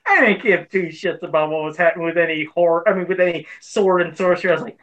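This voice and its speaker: A man's voice: fairly high pitch, quick pace, fairly bright tone. A man on a podcast chatting laid-back about movies he watched growing up. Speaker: podcast co-host. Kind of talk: casual chat.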